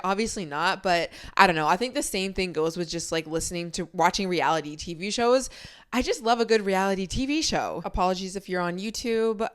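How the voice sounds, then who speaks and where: Chatty young woman with a smooth, lowish voice. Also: a bit bright. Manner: chatty and candid, heavy use of "like". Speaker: podcast host. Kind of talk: casual chat. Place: home, filming for video. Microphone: studio microphone.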